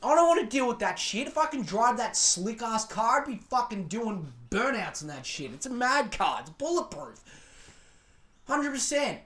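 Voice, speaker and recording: A man's voice: very high voice, big pitch swings, measured pace, sharp tone. A man with an Australian accent hosting a podcast, delivering a crude, sarcastic rant full of swearing. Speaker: podcast host. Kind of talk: profane ranting commentary.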